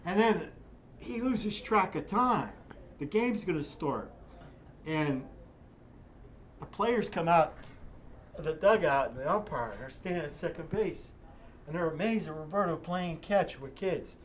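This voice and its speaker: An older man, a guest in an interview, spins a long, rambling memory with vivid detail and frequent restarts. His voice sits a bit high for a man, and a faint hum of background noise runs under it. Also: lively intonation, unhurried, pauses often. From Pittsburgh area. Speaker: interview guest, charity executive director. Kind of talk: animated storytelling in an interview.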